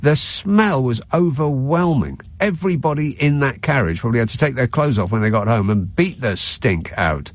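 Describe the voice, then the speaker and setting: A man's voice: mid-range voice, moderate pace, hardly any pauses, no echo. A man co-hosting a chat show, telling a wry anecdote with a cold. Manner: wry anecdotal storyteller, animated. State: has a cold. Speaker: radio show co-host. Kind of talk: casual chat, storytelling.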